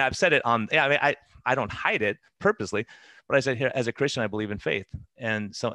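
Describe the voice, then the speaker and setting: A man who is a doctor, talking earnestly in an interview with fast, self-interrupting speech. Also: lowish voice, a bit bright, no room sound. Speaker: doctor and podcast guest. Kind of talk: conversational interview.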